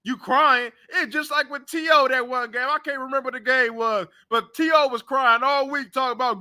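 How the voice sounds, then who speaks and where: Blunt high-voiced man ranting about football. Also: animated, fairly quick, few pauses, sharp tone. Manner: blunt, trash-talking, heated. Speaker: sports talk show host. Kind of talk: casual sports reaction rant.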